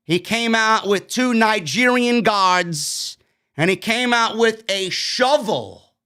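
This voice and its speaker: A man's voice: high-pitched, slow pace, bright, forceful tone, clear, resonant tone. A man from New York hosting a casual live-stream wrestling review, recapping the show and giving blunt opinions in a chatty way. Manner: opinionated, chatty, recaps events then gives his take.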